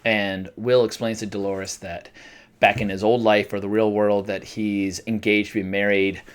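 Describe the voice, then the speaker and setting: A man's voice: fairly low pitch, flat delivery, normal speed, clear, resonant tone. A man casually reviewing a TV episode, chatty and self-deprecating, with frequent fillers and restarts. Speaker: TV review vlogger.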